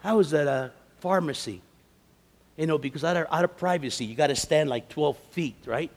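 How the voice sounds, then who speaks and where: A man giving a storytelling sermon at a men's conference, moving from easy chat to loud, emphatic preaching. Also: fairly high pitch, brisk. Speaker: conference speaker. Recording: long reverb of a large hall.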